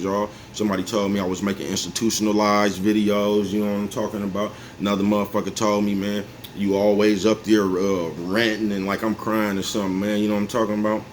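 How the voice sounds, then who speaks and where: A man in his forties talking to his viewers in a casual, rambling monologue, laughing to himself and often asking whether they follow him. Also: lowish voice. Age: 40s. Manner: laid-back, repeats "you know what I'm talking about", chuckles often. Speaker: vlogger. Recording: faint background noise.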